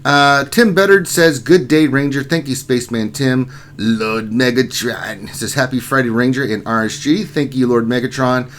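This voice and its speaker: A man's voice: medium pitch, fairly even intonation, normal speed, few pauses, a bit bright. A man hosting a casual livestream, reading out chat names and greeting viewers one by one. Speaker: livestream host.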